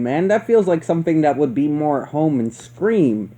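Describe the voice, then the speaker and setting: A man's voice: a little high, lively intonation, normal speed, few pauses, dark tone. A man giving a casual, profane and rambling review of a horror movie, laughing often. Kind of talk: casual film review rant.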